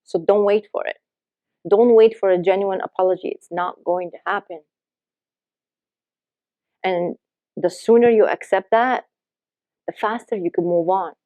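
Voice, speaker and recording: A woman's voice: medium pitch, a little slow, pauses often, dry recording, dull audio. A woman life coach giving earnest, emphatic advice to camera, acting out the lines people say.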